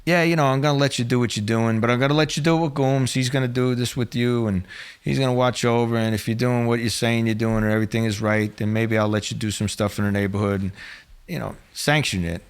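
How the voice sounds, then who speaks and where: A man's voice: medium pitch, fairly even intonation, fast, clear, resonant tone, lightly acted. A man voicing a short-fused older mob boss who barks blunt, profane orders. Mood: threatening.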